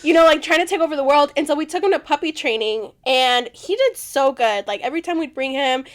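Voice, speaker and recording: High-pitched woman host, super animated, girl-talk slang, hypes up her guest. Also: brisk. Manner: animated, encouraging, playful slang. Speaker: podcast host. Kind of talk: casual chat.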